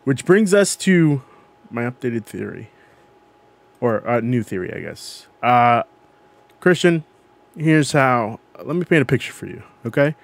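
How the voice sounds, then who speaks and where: A man's voice: mid-range voice, big pitch swings, a little slow, gravelly, pauses often. Rambling podcast co-host man. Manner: rambling, self-correcting storyteller. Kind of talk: casual chat. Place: podcast recording.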